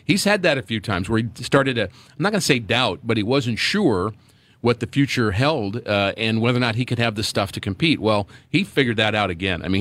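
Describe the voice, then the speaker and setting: A middle-aged man talks baseball on a pregame radio show, earnest and full of fillers and restarts. His voice sits low. The studio sound is dry and close. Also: a bit bright, dry recording. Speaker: radio broadcaster and former player. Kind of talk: sports radio pregame chat.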